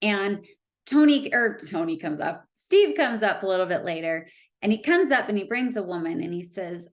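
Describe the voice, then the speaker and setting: A woman speaker telling a personal story to an audience, animated and chatty, full of "like" fillers. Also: mid-range voice, moderate pace. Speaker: motivational speaker.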